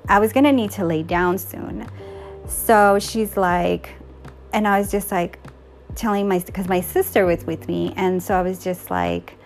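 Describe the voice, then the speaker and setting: A woman's voice: mid-range voice, lively intonation, unhurried, faint music behind. A woman casually retelling a personal story, acting out the dialogue and laughing now and then.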